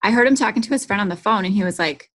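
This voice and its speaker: A woman's voice: mid-range voice, racing, a bit bright. A woman hosting a podcast who tells stories in a chatty way with lots of fillers. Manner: chatty, filler-heavy storytelling. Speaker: podcast host. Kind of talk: casual podcast conversation.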